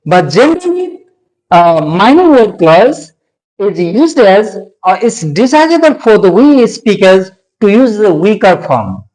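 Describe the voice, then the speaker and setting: An English pronunciation teacher giving an explanatory lesson, talking deliberately, repeating points and pausing often on "uh". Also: medium pitch, big pitch swings, darkish tone, low-quality recording.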